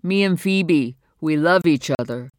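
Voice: medium pitch, measured pace, noisy background, natural voice. A narrator voicing an eager, earnest young man in love. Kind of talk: audiobook character voice.

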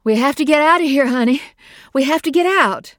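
A woman's voice: on the low side, animated, takes it slowly, dry recording, studio quality. A woman reading an audiobook and voicing a frantic mother who calls out and pleads for her lost daughter. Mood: urgent. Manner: shouting, pleading.

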